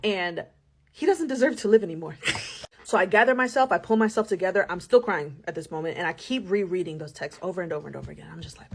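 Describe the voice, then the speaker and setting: A young woman recounts a personal story in a loose, chatty storytime manner. She is animated, breaking into laughs and dramatic asides, with a mid-range pitch. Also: brisk, breathy edge. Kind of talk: casual storytime.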